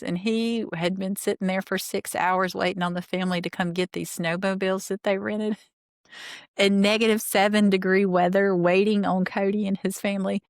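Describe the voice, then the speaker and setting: In a medium-pitched voice, a female podcast host rewatches reality TV and offers chatty, indignant takes, summarizing scenes and reading quotes aloud. The audio is studio quality with no room sound.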